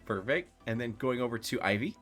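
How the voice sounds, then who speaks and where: A man's voice: mid-range voice, fairly quick, slightly rough. Guy running a tabletop game on stream, loose and chatty, um-ing a lot, faint music behind. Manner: relaxed, filler-heavy talk. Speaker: game master.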